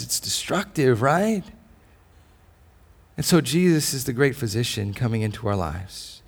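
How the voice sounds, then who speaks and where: A man's voice: mid-range voice, vocal fry. A man preaching a sermon in a church service, passionate, asking the congregation repeated questions and often restarting his phrases. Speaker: pastor.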